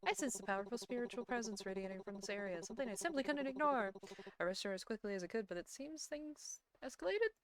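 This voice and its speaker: Woman voicing a smooth psychic con man. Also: on the high side, animated, quick pace, a crowd in the background, pitched above the performer's own voice, natural voice. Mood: concerned. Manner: polite, solicitous.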